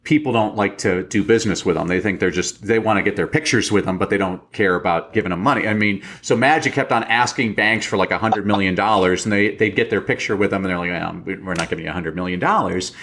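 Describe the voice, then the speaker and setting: Lowish-voiced storytelling guest man. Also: fast talker, hardly any pauses. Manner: animated storyteller, acts out quotes. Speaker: podcast guest, speaker. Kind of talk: casual interview chat.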